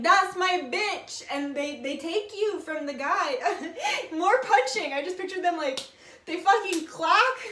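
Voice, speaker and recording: A high-pitched, fairly bright-toned woman in her twenties gives a casual tarot reading in an echoey room. She's chatty, with plenty of filler words and swearing.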